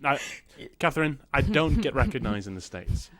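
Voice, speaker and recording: A man's voice: medium pitch, expressive, normal speed, a crowd in the background. A man who is a comedian guest on a podcast, making wry, dry asides in a casual chat.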